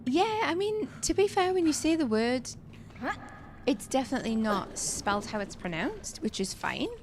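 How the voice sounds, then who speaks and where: A woman's voice: high-pitched, animated, normal speed, a little mellow, slight background noise. A woman streaming a survival game, telling shop stories in chatty casual talk full of fillers and restarts. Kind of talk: casual chat while gaming. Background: game music.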